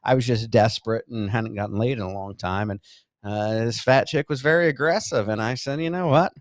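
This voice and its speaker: A middle-aged man co-hosting a podcast, telling a crude story in a halting way, full of fillers and restarts. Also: on the low side, no room sound, clean studio sound. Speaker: podcast co-host. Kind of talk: crude casual chat.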